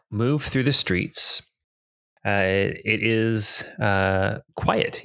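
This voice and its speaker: A man's voice: on the low side, vocal fry, a bit bright, no room sound, clean studio sound. A man narrating a tabletop game as dungeon master, rambling with chuckling asides.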